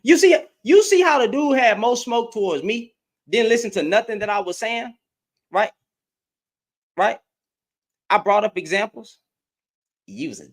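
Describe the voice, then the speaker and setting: A man giving heated reaction commentary as an online commentator, animated and profane, repeating himself and laughing often. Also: high-pitched, a little slow, long pauses. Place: in Dallas, Texas.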